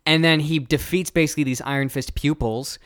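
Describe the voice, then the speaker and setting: A man's voice: fairly high pitch, brisk, smooth, dry recording, studio quality. A man co-hosting a podcast, casually recapping a kung fu film with lots of fillers. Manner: relaxed, filler-heavy chat. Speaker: podcast co-host.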